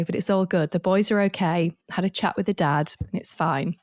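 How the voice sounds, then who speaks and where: A woman co-hosting a casual sports podcast, telling an animated story and laughing often. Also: fairly low pitch, moderate pace, no room sound, clean studio sound. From Yorkshire, England. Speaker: podcast co-host. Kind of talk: casual chat.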